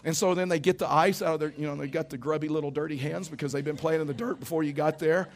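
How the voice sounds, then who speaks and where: A man's voice: fairly high pitch, steady tone, fast talker. A middle-aged man preaching a sermon in a church, telling stories in a conversational way and tossing rhetorical questions to the congregation. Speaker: pastor.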